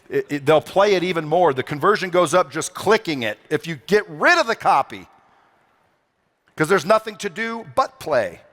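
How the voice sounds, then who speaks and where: A man's voice: fairly high pitch, very animated, normal speed, fairly bright tone. A man giving a motivational talk on stage at a conference, brash and profane, firing rhetorical questions at a live audience. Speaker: conference speaker.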